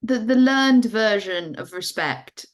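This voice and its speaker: A woman's voice: medium pitch, lively intonation, slow. English woman explaining on a podcast. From England. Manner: thoughtful, explains with acted-out examples. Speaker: podcast guest or co-host. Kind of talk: casual conversational podcast talk.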